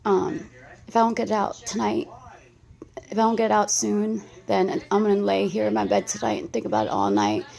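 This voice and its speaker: Anxious woman in her 30s rambling into her camera, super creaky voice, keeps restarting sentences. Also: mid-range voice, brisk, darkish tone. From United States. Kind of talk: emotional vlog response.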